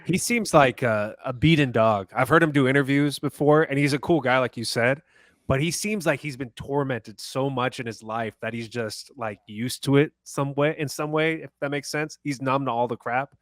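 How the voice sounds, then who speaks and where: A man's voice: mid-range voice, moderate pace, no room sound, clean studio sound. A man co-hosting a sports podcast, chatting casually about players. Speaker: podcast co-host.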